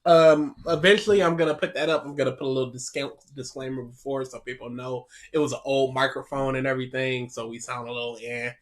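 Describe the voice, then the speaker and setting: A man's voice: mid-range voice, fairly even intonation, quick pace, hardly any pauses. A man co-hosting a casual podcast, reading out listener questions and answering bluntly in short replies. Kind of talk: casual chat.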